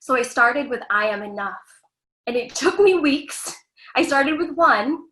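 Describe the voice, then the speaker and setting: A woman with a bright, high speaking voice talks openly and earnestly as a guest, offering self-help advice. Her words carry a roomy echo around them. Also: lively intonation, measured pace, a little hiss or hum. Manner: earnest, frank, lightly profane. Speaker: guest, screen actress. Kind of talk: candid self-help talk.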